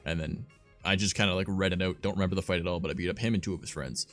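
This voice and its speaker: Young guy streaming, real low voice, swears a lot, rambles with tons of likes and ums, faint music behind. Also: fairly even intonation, rapid-fire, a bit bright. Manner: rambling, profane, filler-heavy. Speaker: streamer host. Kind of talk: casual livestream storytelling.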